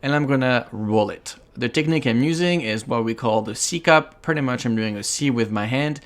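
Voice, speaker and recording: A man with a French accent, a chef hosting his own cooking tutorial, speaks at medium pitch and a brisk pace. He's chatty and playful as he explains each step.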